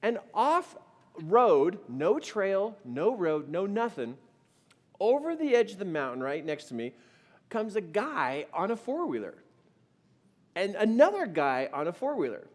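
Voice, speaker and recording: A middle-aged man telling a funny personal story to an audience, animated and self-mocking. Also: high voice, measured pace, big-room sound.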